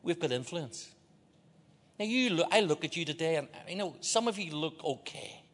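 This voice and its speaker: A man preaching to a large church, his voice sitting a little high for a man as it rings out with a long hall reverb. He teases the crowd and has them call words back to him. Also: animated, normal speed, fairly bright tone. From Ireland. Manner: joking, leads the crowd in call-and-response. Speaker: guest preacher. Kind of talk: sermon.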